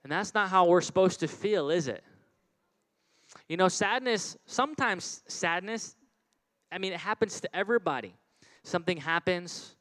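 A man preaching a children's sermon, animated and repetitive, calling out questions for kids to answer. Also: high-pitched, smooth, low-quality recording. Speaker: children's pastor.

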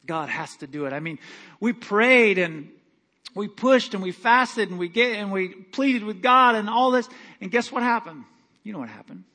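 Animated high-voiced male preacher. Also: normal speed. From Michigan. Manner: folksy, animated preaching that swings from quiet asides to loud climaxes. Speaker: pastor. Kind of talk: sermon. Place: church sanctuary.

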